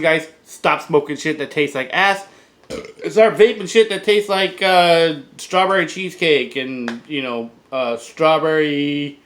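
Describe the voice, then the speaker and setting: A man talking loosely into the camera for his review vlog, rambling and swearing in a relaxed, offhand way. His voice sits at an ordinary pitch, and he often lets it sink into quiet asides. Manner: rambling, relaxed, swears casually, drops to a mutter. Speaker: vlogger reviewing beer and vape juice.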